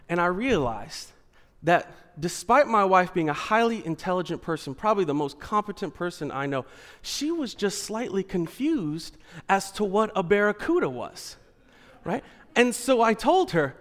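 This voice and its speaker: A man with a high voice tells a comic story from his own life to a live audience. He talks in an animated way, drops to near a hush, then builds back up loud. His voice rings with the long reverb of a large hall. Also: moderate pace. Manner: animated, swinging from hushed to loud and laughing.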